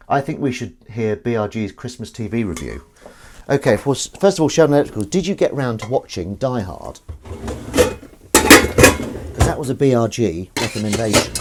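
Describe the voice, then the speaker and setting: A man's voice: mid-range voice, heavy background noise. A man hosting a casual livestream from his home kitchen, chatting and reading out comments while washing up. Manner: rambling, self-deprecating, reads out chat comments. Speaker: livestream host. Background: clinking dishes and cutlery.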